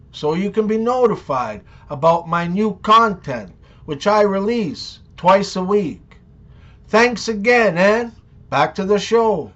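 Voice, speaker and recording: A man hosting a comedy channel, telling scripted jokes and one-liners in deliberate setups with pauses before each punchline. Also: high-pitched, a bit bright.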